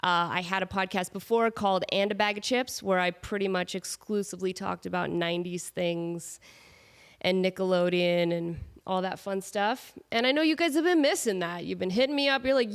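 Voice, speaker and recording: A woman in her thirties hosts her solo podcast from home, her voice nasal and stuffed up from a cold. She chats along in a self-mocking way, wandering off into asides, with her pitch sitting in a middle range for a woman. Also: moderate pace, smooth. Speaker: podcast host. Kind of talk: casual solo podcast chat.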